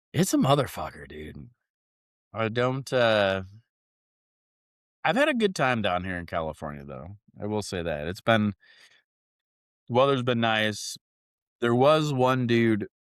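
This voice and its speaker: Low-voiced young Midwestern podcast host, dry close recording, profane storyteller. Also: male voice, no room sound. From Northwest Indiana, Chicago area. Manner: profane, rambling, animated when acting out quotes. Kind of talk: casual podcast chat, storytelling.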